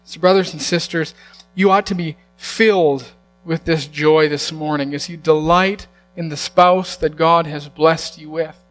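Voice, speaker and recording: Guy with a high voice preaching, earnest, slows way down on the big lines, soft music under it. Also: fairly even intonation. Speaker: pastor. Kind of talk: sermon.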